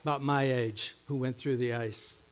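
A middle-aged man, a pastor preaching a sermon in a church, moving between quiet, low musing and loud, emphatic teaching. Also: steady tone, moderate pace. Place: church sanctuary.

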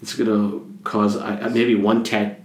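A man's voice: on the low side, little pitch movement, measured pace, reverberant. A man, a priest, co-hosting a casual chat, joking and rambling playfully. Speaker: priest and podcast co-host.

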